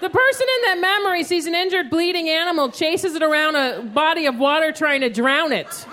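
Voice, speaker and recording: A woman performing a stand-up comedy set, telling stories animatedly and acting out her own yelling. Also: high voice, fairly quick. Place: live comedy stage with an audience. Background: audience laughter.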